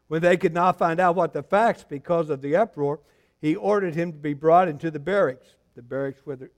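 A man preaching a verse-by-verse sermon, swinging between loud, animated retelling and quiet, reflective reading, with restarts as he tells the story. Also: on the high side. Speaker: pastor. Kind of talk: expository sermon.

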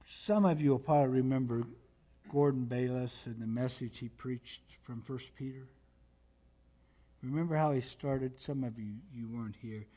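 A pastor delivers a sermon, his medium-pitched voice swinging between hushed near-whispers and loud, emphatic passages. He reads scripture slowly and deliberately.

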